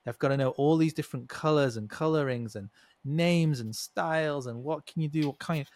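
A man's voice: fairly high pitch, moderate pace, darkish tone, no room sound. A man hosting a casual interview, rambling and jumping between thoughts. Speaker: interview host.

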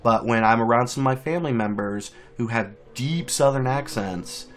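A man's voice: mid-range voice, normal speed, a bit bright. Male interview host, mid voice, casual and friendly, talks in loose restarts. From Southeast Georgia. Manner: friendly, rambling, many restarts.

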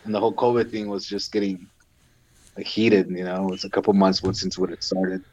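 Low-voiced veteran rambling through war stories. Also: male voice, flat delivery, fairly quick, darkish tone, dull audio. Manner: rambling, heavy on fillers, laughs through his stories. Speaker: guest, Marine veteran. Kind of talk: casual storytelling in an interview.

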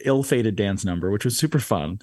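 A man's voice: lowish voice, brisk, no echo. A man hosting a podcast, telling stories in a casual, laughing way. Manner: animated, laughing storyteller. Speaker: podcast host. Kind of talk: casual storytelling chat.

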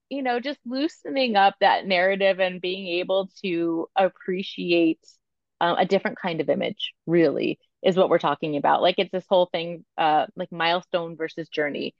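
A woman in her thirties, a photographer and coach, talking candidly in an interview, animated and full of filler words. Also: on the low side, normal speed, no room sound, muffled recording. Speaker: podcast guest, photographer and coach.

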